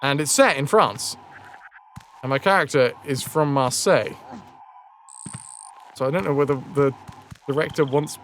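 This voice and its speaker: A man's voice: medium pitch, normal speed, pauses often, fairly bright tone, soft background music. A man giving casual, joking gameplay commentary as a streamer, swearing freely.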